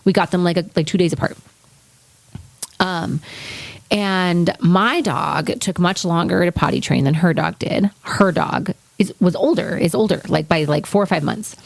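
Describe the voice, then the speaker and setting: Speaking at a moderate pace with vocal fry, this young woman's voice sits on the low side, with no echo. She co-hosts a podcast, telling a story in casual chat, performing the quotes and cursing freely.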